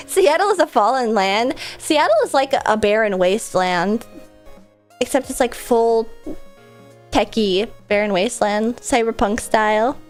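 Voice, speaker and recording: Woman streamer, fairly high voice, stuffy congested nose, rambling casual chat, faint music behind. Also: animated, unhurried. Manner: rambling, filler-heavy, frequent laughs.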